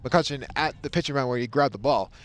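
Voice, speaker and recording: A man's voice: medium pitch, low-quality recording. A young man from Massachusetts doing rambling, chatty commentary at an outdoor baseball game. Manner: chatty, rambling, quick to laugh. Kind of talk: casual play-by-play banter. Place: outdoors at a ballfield. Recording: loud wind noise outdoors.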